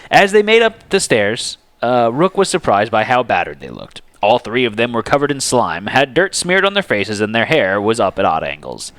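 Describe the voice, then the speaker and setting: A man narrating a fantasy story aloud in an expressive, animated dramatic reading. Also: medium pitch, moderate pace, no room sound.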